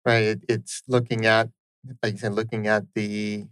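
A man's voice: fairly low pitch, flat delivery, normal speed, fairly bright tone, smooth, no room sound, poor audio. A man hosting a conversational interview, earnest and affirming, often checking in with "right?". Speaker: interviewer host.

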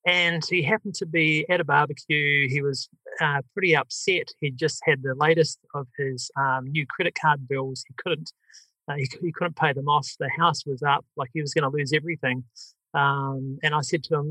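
Chatty New Zealand man, bright voice. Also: on the high side, fairly even intonation, normal speed, dry recording, low-quality recording. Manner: chatty, laughs often, many fillers. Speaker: guest, software company CEO. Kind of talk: podcast interview, telling his story. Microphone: video call.

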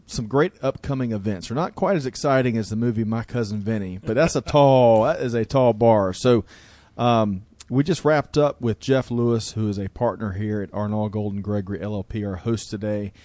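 A man's voice: on the low side, moderate pace, few pauses, mellow, no echo. A man hosting a casual interview who is enthusiastic and encouraging toward his guest. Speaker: podcast host.

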